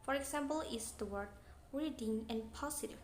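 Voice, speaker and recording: Young Indonesian woman, student presenter, high voice, reads a lesson in a roomy space with faint hiss. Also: normal speed. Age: young adult. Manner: plain, read-aloud explaining. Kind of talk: reading an English pronunciation lesson. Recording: echoey room, faint noise.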